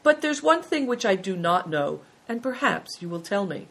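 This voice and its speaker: A woman's voice: mid-range voice, vocal fry, voice pushed up, full character voice, rough recording. A woman reading as a wise old abbot. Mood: calm kindly. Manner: calm, benign, unhurried.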